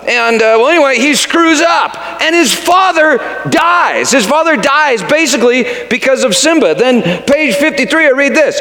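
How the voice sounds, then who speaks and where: A very high, bright-voiced man preaches in a storytelling way, reading passages with dramatic flair and often tripping over and repeating his words. His voice swoops up and down a lot, and a long reverb trails behind it as if he were in a big hall. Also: big pitch swings, measured pace, hardly any pauses. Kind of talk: storytelling sermon.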